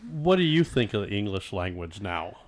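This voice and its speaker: On a laid-back podcast, a male co-host with a fairly low voice and big pitch swings pokes fun at fancy words and pompous speech. He talks at a normal speed.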